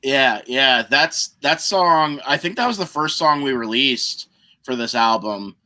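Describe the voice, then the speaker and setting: A man's voice: mid-range voice, lively intonation, unhurried, bright, forceful tone. A man, a guest musician on a podcast, telling a story in a casual way and acting out other people's lines.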